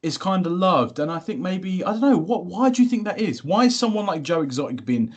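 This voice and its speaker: A man's voice: sits high, lively intonation, fairly quick, husky. A man hosting a podcast in casual chat, musing aloud, repeating himself and putting questions to his co-host.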